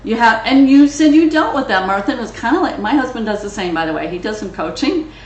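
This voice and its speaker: A woman's voice: fairly high pitch, lively intonation, quick pace, a little mellow, echoey room, lo-fi sound. A woman hosting a business coaching session, speaking frankly and with motivational emphasis. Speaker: host. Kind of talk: coaching talk.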